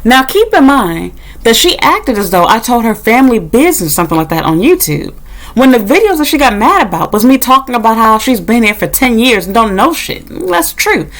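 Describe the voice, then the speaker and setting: A woman's voice: on the high side, big pitch swings, fairly quick, fairly bright tone. A young woman vlogger ranting bluntly and sarcastically to her own camera, swearing freely as she tells a story. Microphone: camera mic.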